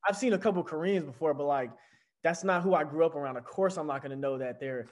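A young man co-hosting a podcast, talking fast in casual chat with many restarts and fillers. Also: on the high side. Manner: animated, talks over himself with many restarts. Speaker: podcast co-host.

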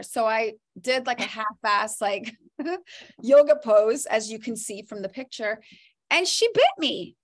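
A woman co-hosting a podcast in casual chat, telling animated stories that jump high when she laughs. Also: a little slow. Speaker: podcast co-host.

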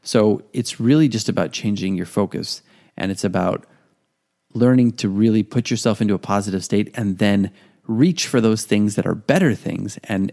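A man's voice: fairly low pitch, gravelly, mellow. A man hosting a podcast, talking earnestly in a casual monologue and sometimes acting out inner voices. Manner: earnest, conversational, acts out quoted inner voices. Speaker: podcast host, artist.

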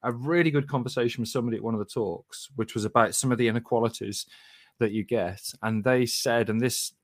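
A man co-hosting a podcast who explains things in a measured way and laughs easily. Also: mid-range voice, dry recording, studio quality. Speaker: podcast co-host, academic. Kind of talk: casual podcast chat.

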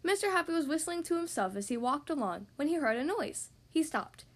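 A woman hosting a podcast who reads picture books aloud to young children, with gentle, expressive storytelling. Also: high-pitched, a little fast. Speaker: podcast host reading to kids.

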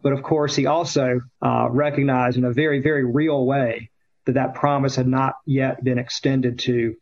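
A male guest tells a story in an unhurried, conversational way, pausing often on fillers and restarting his sentences. His voice sits at an ordinary pitch. The recording sounds muffled and lo-fi. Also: flat delivery. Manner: halting, with frequent fillers and restarts.

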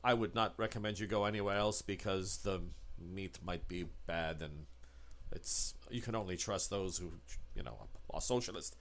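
A man voicing a pushy male shopkeeper and party zealot in a tabletop game, with halting salesman's patter. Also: deep voice, fairly bright tone, a little hiss or hum, voice pushed down. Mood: salesy.

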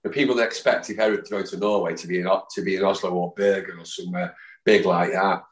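A man in his fifties, a guest telling rambling, lively anecdotes and mimicking the people in them. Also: low voice, fast talker. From Manchester, England. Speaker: podcast guest, football fan. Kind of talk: anecdotal storytelling. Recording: roomy echo.

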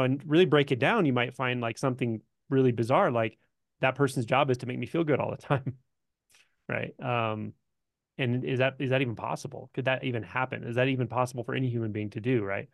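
A man's voice: medium pitch, creaky, dry recording, studio quality. A man hosting a podcast chat, reflective and asking questions aloud. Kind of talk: casual chat.

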